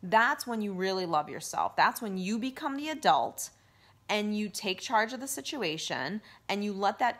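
A woman life coach giving casual self-help advice to camera, earnest and gently coaching, with lots of fillers. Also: mid-range voice. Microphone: handheld phone camera.

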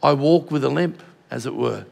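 A man's voice: mid-range voice, normal speed, creaky. An older man with an Australian accent preaching a passionate sermon as pastor of a church. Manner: passionate, drops to a hushed voice in tender moments. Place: large church auditorium. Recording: long hall reverb.

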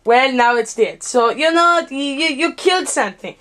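A woman acting in an improvised comedy skit at home, swinging between excitable, panicked shouts and flat deadpan lines, recorded on the camera's own mic. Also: high voice, moderate pace. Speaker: home video skit performer.

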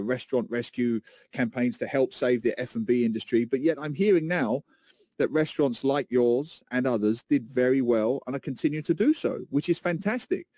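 A man co-hosting a radio interview, chatty and asking lively questions. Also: mid-range voice, dry recording, studio quality. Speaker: radio co-host.

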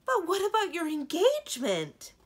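A woman's voice: very high voice, huge pitch swings, moderate pace, pitched above the performer's own voice, exaggerated voice. A woman voicing a timid, gossipy young lady-in-waiting who speaks breathless and weepy. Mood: shocked.

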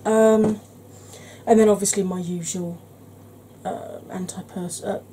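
A woman hosting a makeup tutorial, chatting in a rambling, conversational way and sometimes dropping into a soft whisper. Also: mid-range voice, steady tone, takes it slowly, slight background noise, low-quality recording. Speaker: beauty channel host.

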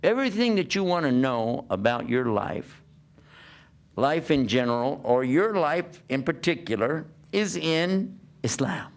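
A man's voice: mid-range voice, sing-song, measured pace. A man giving a conversational sermon, asking his listeners rhetorical questions as he preaches. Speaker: Islamic preacher.

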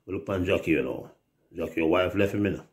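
A man's voice: sits low, quick pace. A Jamaican man telling rambling, profane stories in casual chat, often mimicking other people's voices. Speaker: reggae artist telling stories on a livestream.

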